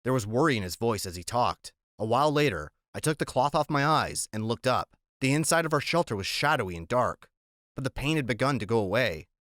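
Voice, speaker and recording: A man reads a novel aloud at a measured, even pace, with a voice of middle pitch. The sound is dry and close, with no room around it. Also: no room sound. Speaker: audiobook narrator. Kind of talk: audiobook narration.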